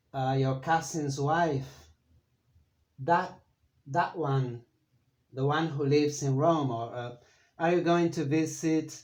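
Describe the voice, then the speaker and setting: Argentine guy teaching spanish, takes it real slow, kinda high voice, lots of uhs. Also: a little mellow. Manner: unhurried, explains step by step with many fillers. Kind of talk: slow bilingual language lesson.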